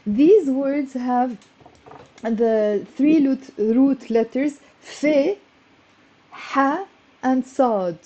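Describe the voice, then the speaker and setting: A woman's voice: sits high, very slow, pauses often, dark tone, lo-fi sound. A woman whose first language is Lebanese Arabic, teaching a live-streamed lesson in a chatty, encouraging way and greeting viewers by name, a little stressed and flustered.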